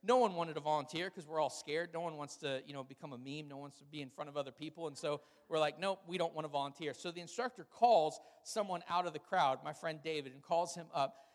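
A man, a pastor, preaching a sermon with humorous, animated storytelling. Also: on the high side, quick pace, long reverb tail.

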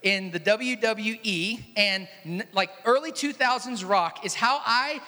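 A man's voice: high voice, measured pace, pushed and bright. A man preaching a sermon in a large church hall, conversational and storytelling, joking with the congregation. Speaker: pastor. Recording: echoey hall.

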